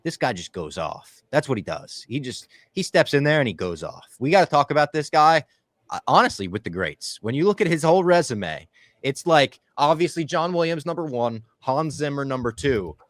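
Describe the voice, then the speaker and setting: A man co-hosting a casual movie review podcast, his pitch swinging widely as he talks. His voice sits in the middle range, and the sound is dry and close to the mic. He is animated and swears easily. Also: normal speed, no room sound. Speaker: podcast co-host.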